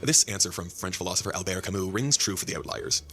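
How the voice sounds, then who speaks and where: A man narrating a video essay in a measured, scripted delivery. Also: deep voice, lively intonation, a bit bright.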